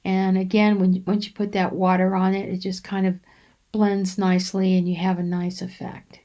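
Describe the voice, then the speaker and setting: Unhurried woman narrating a craft demo. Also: medium pitch, flat delivery, warm tone. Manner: unhurried, rambling, frequent ums and restarts. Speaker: crafting channel host. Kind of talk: relaxed coloring demonstration voice-over.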